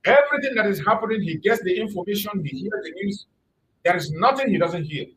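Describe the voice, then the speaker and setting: A man's voice: high voice, lively intonation, fairly quick, noisy background. Fervent man preaching politics. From southeastern Nigeria. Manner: fervent, repetitive, emphatic. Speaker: channel host. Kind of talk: impassioned political commentary.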